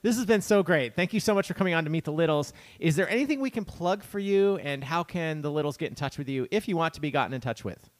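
A man's voice: on the high side, animated, fast, hardly any pauses. A man co-hosting a podcast in casual chat, giggly and chatty, reading notes aloud. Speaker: podcast co-host.

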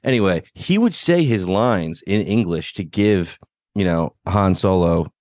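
A man's voice: low-pitched, animated, measured pace, a little mellow, no echo. A man co-hosting a casual chat, rambling and self-deprecating, swearing casually as he loses track of names. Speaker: podcast co-host.

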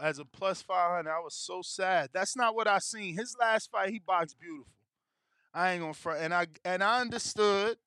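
A man rants about boxing in loose, slang-heavy talk full of swearing. His voice sits high and comes across bright and forceful. The sound is dry and close, with no room around it. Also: clean tone, no echo. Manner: profane, emotional slangy ranting. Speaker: boxing show host. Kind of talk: casual chat about betting and fights.

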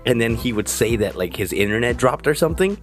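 A man co-hosting a casual podcast, laughing as he recounts things in a profane, animated way. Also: medium pitch, quick pace, soft background music. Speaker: podcast co-host. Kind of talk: casual chat.

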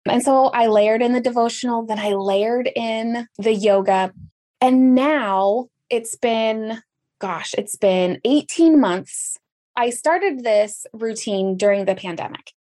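A woman's voice: fairly high pitch, slow pace, mellow. A woman telling her story in a casual podcast conversation, with sudden jumps up in her voice for emphasis.

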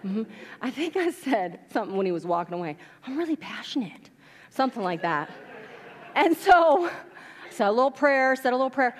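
A woman pastor preaches from the pulpit, telling stories and acting out the people in them. Her voice sits fairly high. It rings with the long reverb of a church hall. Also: brisk. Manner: animated storytelling, acts out quotes. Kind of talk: sermon. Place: church sanctuary.

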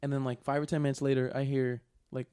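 A man's voice: medium pitch, level tone, quick pace, warm tone, clean tone. A man telling a rambling story in casual podcast chat, swearing often and filling with "like". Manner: rambling, profane, lots of fillers.

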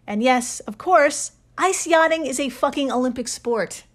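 A woman's voice: high-pitched, a little slow. A young woman co-hosting a podcast, chatting casually, laughing often and swearing casually. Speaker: podcast co-host. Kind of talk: casual chat.

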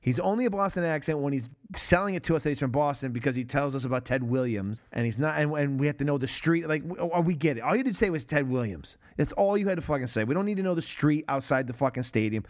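A man in his thirties hosting a casual film podcast, talking in an animated, profane way and acting out movie lines. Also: fairly high pitch, fast talker, few pauses. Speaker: podcast host.

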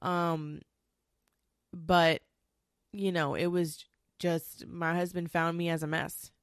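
A woman's voice: fairly low pitch, little pitch movement, takes it slowly, smooth, dry recording, studio quality. A woman telling a personal story in a candid, rambling way, emotional and swearing freely, with many restarts.

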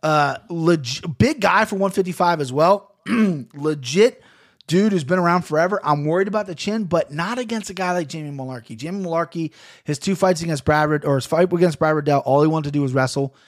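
Ohio-accented male podcast host, slightly high voice, rambling and profane. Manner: rambling, profane, quick to laugh. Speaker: podcast host picking fights. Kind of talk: casual betting chat.

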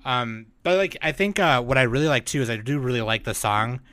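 A man hosting a podcast, chatting casually about an anime film in a relaxed, rambling way with fillers. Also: medium pitch, brisk, no room sound, studio quality. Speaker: podcast host.

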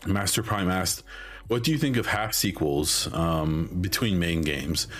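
A man's voice: low voice, unhurried, fairly bright tone, soft background music. A man hosting a solo podcast in a casual, rambling way, full of ums and restarts, his voice starting to go. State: losing his voice. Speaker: podcast host.

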